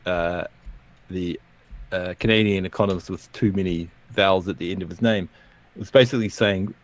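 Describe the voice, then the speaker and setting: Low-voiced man chatting casually. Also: fairly even intonation, normal speed. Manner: rambling, self-correcting, chuckles at own jokes. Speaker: co-host. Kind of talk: casual chat, then reading a comic poem.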